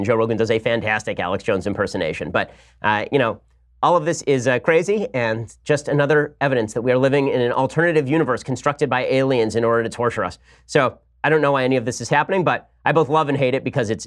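Rapid-fire sarcastic male podcast host. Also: mid-range voice. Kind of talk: political commentary.

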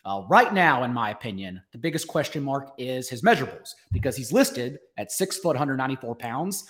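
A young man hosting a sports podcast, chatting casually and upbeat, sometimes rushing through lines. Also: mid-range voice, animated, a bit bright. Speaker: podcast host.

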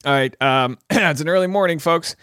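A man in his thirties hosting a podcast, recapping a reality show with rambling jokes and quick mock voices for quotes. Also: fairly high pitch, bright, forceful tone, smooth, no room sound, clean studio sound.

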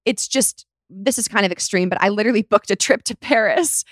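A woman's voice: medium pitch, a little fast, no echo, clean studio sound. A young woman co-hosting a casual chat, talking freely with many "like" fillers. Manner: chatty, lots of "like" fillers. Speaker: podcast co-host.

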